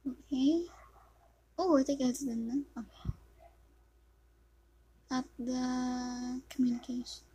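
Excitable high-voiced woman gaming. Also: slow, pauses often, husky, low-quality recording. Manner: excitable, reacts loudly with sudden yelps and muttered whispers. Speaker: gamer commentating her play. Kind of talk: casual gameplay commentary.

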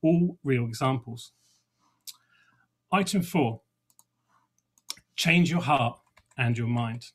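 Middle-aged man, husky, mid-pitched, chatty podcast host with dry wit. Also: slow, long pauses. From England. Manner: conversational, with small restarts and dry humour. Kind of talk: reflective first-person talk.

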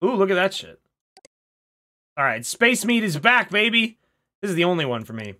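An excitable man streaming a game from his home setup, his bright, forceful voice leaping all over the place. He swears freely and swings from loud outbursts to quiet mutters. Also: sits high, moderate pace. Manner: excitable, profane, swings between shouts and mutters. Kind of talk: casual gaming commentary.

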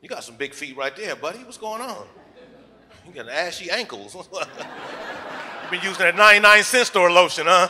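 A man's voice: high voice, pushed and bright, a little hiss or hum. A man performing a crude stand-up comedy set in a comedy club, with loose punchlines and vivid put-on voices.

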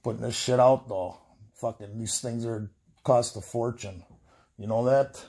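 A man performing as a ventriloquist in a comedy sketch, making quiet, mumbled asides. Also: medium pitch, steady tone, measured pace, breathy edge.

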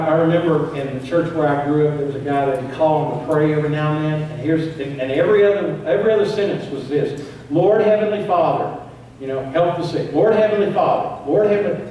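A man delivers a sermon, his fairly high voice building emphasis through repetition. He is picked up from afar in a church sanctuary with heavy echo and a faint hiss of noise. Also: a little mellow. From East Tennessee. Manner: preaching with rising emphasis and repeated phrases. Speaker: pastor. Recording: very echoey church, distant mic, faint noise.

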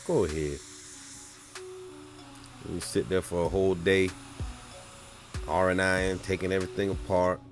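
Car painter, male, very low voice, easygoing voice-over. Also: flat delivery, a little slow, long pauses, faint music behind. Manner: laid-back, with many "um" and "man". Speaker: auto body painter. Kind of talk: casual voice-over of a paint job.

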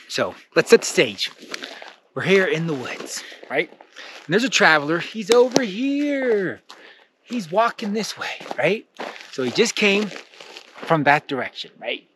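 A man hosting a motivational lesson, telling a story in an animated way and checking in with "right?" as he goes. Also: fairly high pitch, normal speed, noisy background. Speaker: channel host.

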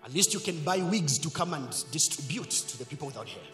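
A man preaching a sermon as pastor, leading call-and-response and swinging between loud shouts and quiet asides. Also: fairly high pitch, expressive, brisk, over music. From Zambia. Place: church hall. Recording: echoey church hall.

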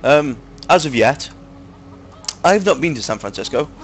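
Speaking a little slowly in a fairly high voice with lively intonation, a young man gives joking gameplay commentary with his friends. He hosts gaming videos, comes from Manchester, England, and has a Manchester English accent, and his talk is chatty, crude, and packed with fillers.

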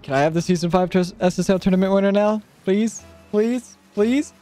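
A young man streaming a car-soccer game, joking and trash-talking, then shouting and squealing at big plays. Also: high voice, steady tone, racing, faint music behind. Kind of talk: live gaming commentary.

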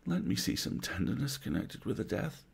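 Man doing an old miser, hushed, pleading, gravelly. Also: on the low side, sing-song, normal speed, voice pushed up, full character voice. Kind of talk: storybook reading.

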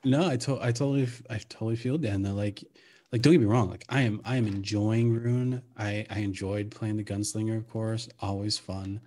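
A man's voice: fairly low pitch, steady tone, normal speed, warm tone. A man who is a guest player, talking casually with frequent restarts and hesitation. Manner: hesitant, restarts often, laughs along. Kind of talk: casual chat.

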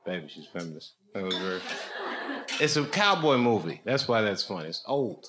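A man's voice: on the low side, sing-song, moderate pace. A man doing stand-up, chatting and joking casually with the audience in a comedy club after a show. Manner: teasing, joking, playful banter. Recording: noisy club recording.

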